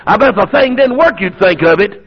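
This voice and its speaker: A high, husky voice from a middle-aged preacher nursing a sore throat, gravelly at the edges as he spins a homespun story. He swings from hushed drawl to hollering praise. The recording is dull and lo-fi. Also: lively intonation, fairly quick, slight background noise. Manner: folksy, building to hollering. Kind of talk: sermon storytelling.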